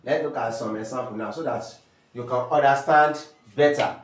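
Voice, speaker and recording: A man's voice: mid-range voice, far from the mic. A man with a Nigerian accent teaching French sounds step by step, repeating terms and asking rhetorical questions. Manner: slow, repetitive drilling with rhetorical questions. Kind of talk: step-by-step language lesson. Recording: echoey room, voice from off-mic.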